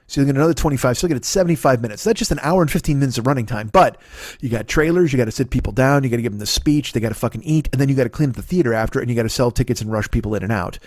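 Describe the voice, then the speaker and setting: Fast, profane, ranting comedian man. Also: mid-range voice, a little mellow, dry recording, studio quality. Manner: profane, rambling, argumentative. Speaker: comedian and podcast host. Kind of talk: solo comedic rant. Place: at home.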